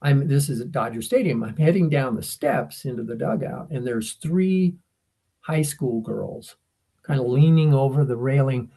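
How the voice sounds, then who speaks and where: Older guy spinning baseball yarns, gravelly husky voice, lively pitch swings. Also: moderate pace. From United States. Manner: animated, acts out quoted voices. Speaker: podcast co-host. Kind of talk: casual storytelling chat.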